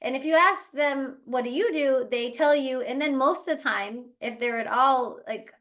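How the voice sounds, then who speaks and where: A woman with a fairly high voice leads a team training over a video call. Her talk is chatty and lively, and she slips into quick impressions of other people. She sounds like an owner coaching her own staff. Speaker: travel agency owner leading team training. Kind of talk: casual motivational training talk.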